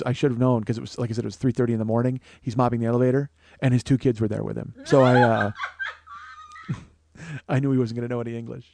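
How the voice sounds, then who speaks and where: A man's voice: medium pitch, warm tone, no room sound. A man hosting a comedy podcast, telling a long story with lots of swearing, laughing at his own jokes, into a studio microphone. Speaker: podcast host. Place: small studio, co-host close by.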